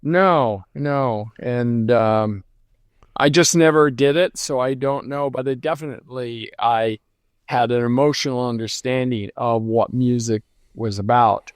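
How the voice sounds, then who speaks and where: An older lighting designer, a guest in a casual interview, looks back on his career slowly and thoughtfully, with lots of ums and restarts. His voice is at an ordinary pitch, and the sound is dry, close, and clean with no echo.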